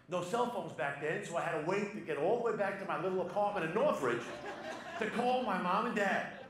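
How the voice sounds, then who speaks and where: A man telling a comic anecdote to a live audience, animated and punchy, building to loud excited peaks. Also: high-pitched, fairly quick. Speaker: storyteller on stage. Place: live venue with audience laughter. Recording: echoey live hall with crowd noise.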